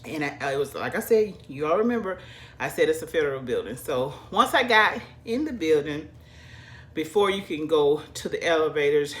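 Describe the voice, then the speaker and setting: A woman from the South, chatting animatedly to her viewers as she tells a personal story. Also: sits low. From American South. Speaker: vlogger. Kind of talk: casual storytelling.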